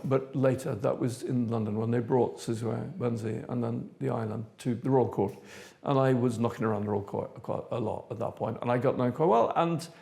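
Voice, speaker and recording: An older man from South Africa, an interviewee recounting his past in a measured, thoughtful way with frequent pauses. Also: medium pitch, gravelly, darkish tone. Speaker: interviewee, theatre director. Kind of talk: reflective personal recollection.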